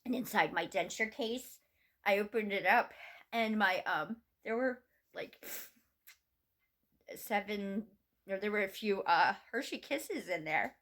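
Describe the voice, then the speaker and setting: A middle-aged woman vlogging from home, telling a personal story in a halting, rambling way with many restarts. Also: medium pitch, lively intonation, a bit bright.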